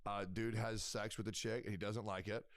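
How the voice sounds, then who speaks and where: Call guest: a man with a lowish voice, blunt and profane, dry close sound. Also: level tone, moderate pace, no room sound. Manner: blunt, swears freely, explains bluntly. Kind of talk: casual chat on a voice call.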